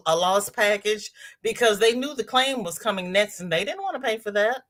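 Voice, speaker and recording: A woman in her sixties hosting a casual crochet livestream, chatting warmly with viewers and greeting them by name as she reads the chat. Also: mid-range voice, animated, a little fast. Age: 60s.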